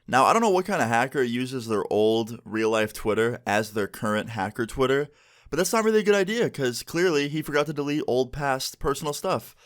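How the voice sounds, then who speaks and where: Young male vlogger, casual storyteller, chatty, middle pitch. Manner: chatty, animated retelling with quoted voices. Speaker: YouTuber telling a story time.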